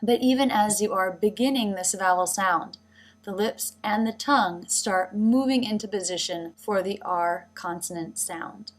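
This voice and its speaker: A woman teaching pronunciation in a slow, deliberate voice with a middle pitch. She draws out each vowel as she demonstrates it, like a careful instructional narration.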